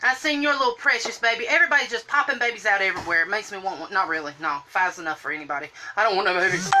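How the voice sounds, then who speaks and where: A woman's voice: mid-range voice, very fast, hardly any pauses, bright, forceful tone, a little hiss or hum. A woman, chatting on a live stream while doing her makeup and greeting viewers by name in a sing-song lilt. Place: home room, indoors.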